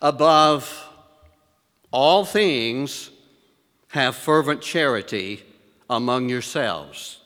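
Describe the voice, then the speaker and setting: Male preacher, unhurried sermon cadence, lifts his voice for scripture, echoing church hall. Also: mid-range voice, sharp tone. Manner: slow, deliberate emphasis with rhetorical questions to the congregation; reads scripture in elevated, rising tones.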